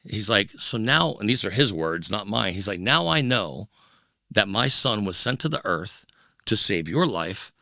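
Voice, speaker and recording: Middle-aged male guest, low gravelly voice, sharp bright tone, dry studio mic, acts out voices as he tells his story. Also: measured pace, no echo. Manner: animated storyteller who acts out quoted voices. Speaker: podcast guest, musician. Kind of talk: candid storytelling interview. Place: podcast studio. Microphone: studio microphone.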